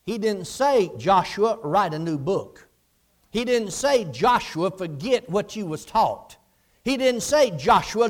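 A man preaching a sermon, swinging from low murmurs to impassioned shouts.

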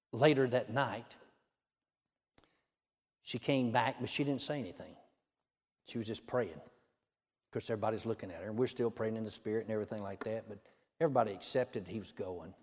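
A man's voice: mid-range voice, darkish tone. A man telling a minister's testimony in a folksy way, with many "you know" asides. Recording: long hall reverb.

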